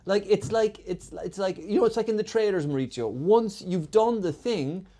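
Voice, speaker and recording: A man's voice: sits high, lively intonation, normal speed, mellow. Rambling, swearing man telling a story. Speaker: comedian podcast co-host. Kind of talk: casual comedic chat.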